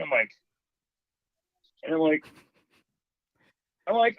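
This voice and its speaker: Male caller, ghost story, animated telling, slightly high voice, dull dry phone sound. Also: normal speed, pauses often, no room sound.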